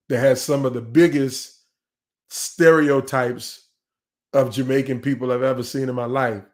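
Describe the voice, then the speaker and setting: A middle-aged man hosting a live online leadership session, speaking in a conversational, emphatic way and often repeating words as he goes. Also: medium pitch.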